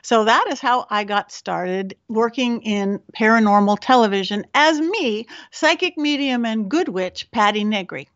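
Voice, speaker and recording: A woman podcast host and psychic medium, telling a story in a chatty, animated, self-mocking way. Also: on the high side, unhurried, hardly any pauses, lo-fi sound. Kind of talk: casual storytelling monologue.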